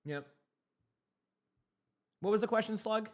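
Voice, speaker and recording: A man's voice: high-pitched, slow. A young man from Massachusetts with a light Boston accent, chatting casually on a live stream, reading chat aloud and rambling with lots of repeated words.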